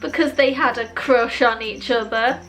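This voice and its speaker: A woman reading a long list of pun jokes, landing the punchlines slowly and dryly and adding wry asides. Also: fairly high pitch, faint music behind. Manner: dry, slow deadpan punchlines with wry self-commentary. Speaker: joke video creator.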